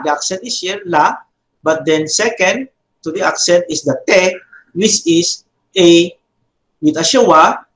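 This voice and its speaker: A man teaches a Biblical Hebrew grammar class slowly, repeating terms and checking in with "no?" and "okay?" His voice is high and fairly bright, and the audio is poor with a roomy sound.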